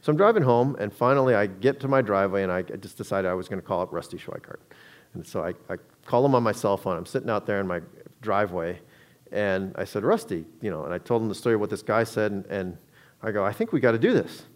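A man's voice: lowish voice, animated, fast. A man giving a public talk to an audience, telling a story in a conversational way with frequent restarts.

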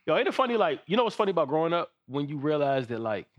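A man rambles in casual podcast chat, full of "like" and "you know." His voice jumps around lively and quick. The sound is dry and close. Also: on the high side, no room sound, highs cut off. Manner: rambling, fills with "like, you know what I'm saying". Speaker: podcast co-host.

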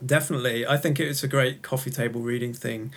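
A man's voice: mid-range voice, steady tone, fast, fairly bright tone. A chatty man hosts a podcast. He speaks casually and agreeably, and he laughs easily. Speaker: podcast host.

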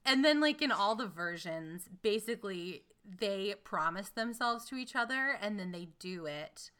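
A woman co-hosting a chat show, retelling a fairy tale in a wry, animated way. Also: mid-range voice, a little slow, clear, resonant tone. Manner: wry, animated, swears casually. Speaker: podcast co-host.

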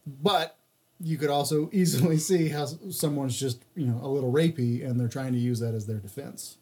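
A man's voice: mid-range voice, normal speed, darkish tone. A man co-hosting a podcast, telling crude stories in a loose, joking, profane way. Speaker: podcast co-host. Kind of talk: crude casual chat.

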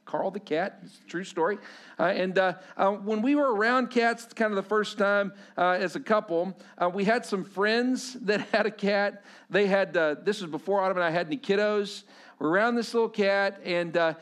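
Guy with a high voice giving a sermon, casual storytelling, keeps asking the crowd stuff. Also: fairly bright tone. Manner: conversational storytelling with asides to the congregation. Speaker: pastor.

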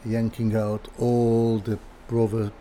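An older furniture designer, interviewed as a guest, tells a casual story while repeatedly stopping, restarting and repeating words. His voice sits on the low side, is mellow and has little pitch movement. Slight background noise is present.

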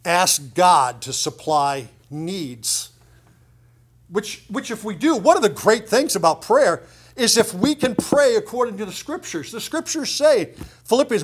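A middle-aged pastor preaching a sermon in a conversational way, with lively asides and emphasis. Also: male voice, a little high, moderate pace, breathy edge.

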